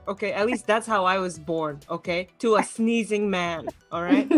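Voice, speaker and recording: A woman's voice: mid-range voice, normal speed, hardly any pauses, soft background music. A young adult woman doing a stand-up set online, ranting and laughing at her own jokes. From Los Angeles. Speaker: stand-up comedian.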